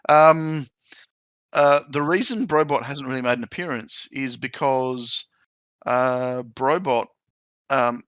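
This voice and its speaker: A man hosting a podcast in a relaxed, casual chat, drawing his words out with many ums. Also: mid-range voice, takes it slowly, clean tone, dry recording. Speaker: podcast host.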